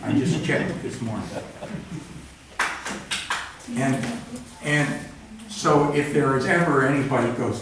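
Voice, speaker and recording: Captured far from the mic in a cultural center event room, this live recording has a roomy sound and background noise. The speaker, an author reading from his books, has a medium-pitched voice and takes his time, leaving long pauses. His manner is dry and plain, and he wanders into rambling asides between pieces.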